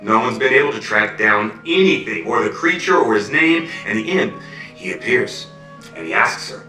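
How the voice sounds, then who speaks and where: Lively storyteller man from Canada, bright voice, echoey room, mic far off, faint music. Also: mid-range voice. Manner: asks the listeners "right?" and "okay?" often. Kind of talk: animated fairy-tale storytelling.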